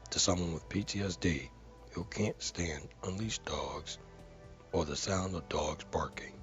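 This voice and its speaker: A man's voice: deep voice, measured pace, lo-fi sound, faint music behind. A man earnestly reading a viewer comment aloud, carefully and with dramatic stresses.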